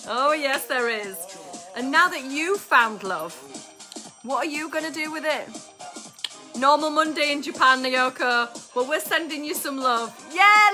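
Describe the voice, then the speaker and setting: A high-pitched, bright woman chats live with her viewers, exuberant and swearing freely. Faint music plays behind her. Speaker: astrologer hosting a live stream. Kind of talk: casual live-stream chat with viewers. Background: music playing.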